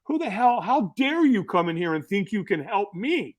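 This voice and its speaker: A man doing an indignant gruff doctor. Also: high-pitched, big pitch swings, normal speed, voice pushed up. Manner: indignant, shouting questions. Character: gruff angry middle-aged male doctor, indignant.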